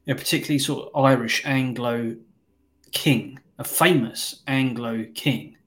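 A man's voice: medium pitch, fairly even intonation, a little slow, fairly bright tone. A man hosting a film review podcast, chatting casually with blunt, sweary remarks. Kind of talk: casual chat.

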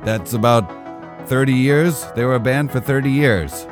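A man co-hosting a podcast in casual, rambling chat, self-deprecating and relaxed. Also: medium pitch, moderate pace, music in the background. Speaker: podcast co-host.

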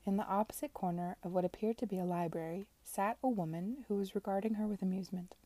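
A woman reading a novel aloud in a soft, measured manner. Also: medium pitch, no room sound. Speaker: reader.

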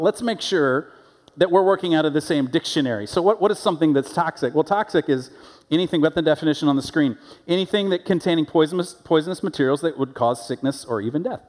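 Male pastor, conversational sermon, slightly high voice, church reverb. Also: normal speed. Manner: conversational storytelling with animated quoted voices. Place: church sanctuary.

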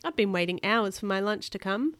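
A woman's voice: mid-range voice, lively intonation, a little fast, fairly bright tone, no echo, clean studio sound, close to an everyday voice. A woman reading aloud and voicing an easygoing male blobfish in a storybook, with a mild, drawling manner. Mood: cheerful.

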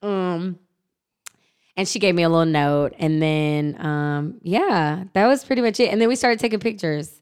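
A young woman co-hosting a podcast, telling a story in a chatty, animated way with lots of "like" fillers. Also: fairly low pitch, moderate pace, smooth. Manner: chatty, heavy use of "like" fillers; animated, emotional retelling. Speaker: podcast co-host. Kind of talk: casual chat, storytelling.

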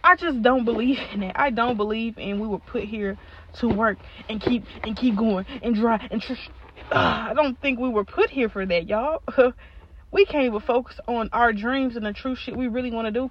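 A woman's voice: a little high, normal speed, muffled recording, a little hiss or hum. A young woman hosting a solo podcast, venting in a blunt, profane, exasperated way, laughing now and then. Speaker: podcast host.

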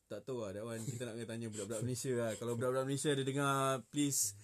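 A man's voice: mid-range voice, level tone, rapid-fire. A young man from Singapore in a playful casual chat, teasing and laughing often. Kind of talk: casual chat mixing English and Malay.

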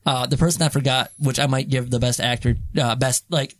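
A man hosting a casual movie-review podcast, rambling and halting, laughing often. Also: mid-range voice, fairly even intonation, a bit bright, a little hiss or hum. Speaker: podcast host.

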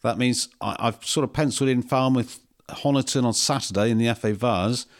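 Measured man reading out fixtures. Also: mid-range voice. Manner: measured, reads fixtures out, hesitant with "um" and "uh". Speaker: co-host of a local football podcast. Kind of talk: casual chat.

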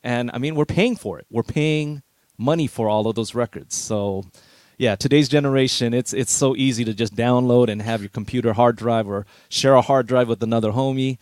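A man's voice: mid-range voice, moderate pace, a little mellow, no room sound, clean studio sound. A middle-aged man, a veteran DJ, telling stories in an easygoing, reminiscing way during an interview. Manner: easygoing, reminiscing, chuckles often. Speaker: veteran DJ guest. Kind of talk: relaxed storytelling interview.

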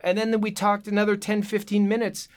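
A man's voice: high voice, a little fast, smooth. A man guesting on a podcast about voice acting, telling anecdotes in casual chat and acting out quotes in different voices. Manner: animated storyteller, acts out quotes in voices. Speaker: guest voice actor.

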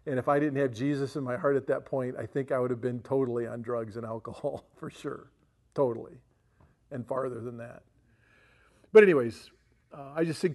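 Middle-aged male pastor, gravelly, folksy conversational preaching style. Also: medium pitch, fairly even intonation, fairly quick, a little mellow. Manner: folksy, chatty with frequent "right?" asides. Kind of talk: sermon storytelling.

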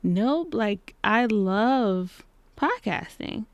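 A woman in her thirties hosting a casual solo podcast from her home basement, chatting and acting out little exchanges in lively voices. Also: mid-range voice, slow pace, vocal fry, smooth, no room sound, dull audio. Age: 30s. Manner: chatty, acts out quoted exchanges in animated voices. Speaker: podcast host. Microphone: podcast microphone.

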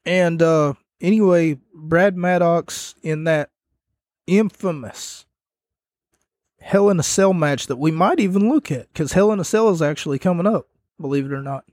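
A young man giving a rambling, casual wrestling recap that grows animated as he retells the scenes. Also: on the high side, moderate pace, no echo, clean studio sound. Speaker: wrestling commentator.

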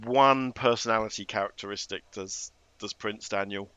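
A man co-hosting a podcast, chatting wryly about a film in a halting way. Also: on the low side, fairly even intonation, sharp tone, clear, resonant tone, no echo, highs cut off. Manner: wry, halting, with many restarts. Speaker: podcast co-host. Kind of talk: casual film discussion.

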